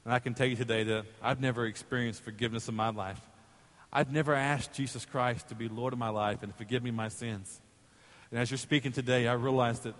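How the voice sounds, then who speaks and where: A male pastor preaching a sermon in a church, telling a story in an animated way and acting out its voices. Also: mid-range voice, brisk, in a large hall. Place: church sanctuary.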